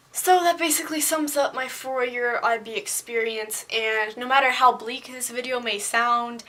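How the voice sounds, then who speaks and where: A woman's voice: on the high side, sharp tone. A young woman vlogging in a casual, candid way, full of fillers and asides. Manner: chatty, candid, many fillers like "like" and "um". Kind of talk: casual talking-head vlog.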